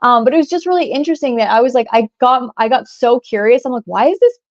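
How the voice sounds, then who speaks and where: Young woman co-host, casual chatty storyteller, slightly high voice, muffled recording. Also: fast. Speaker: podcast co-host. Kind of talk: casual chat.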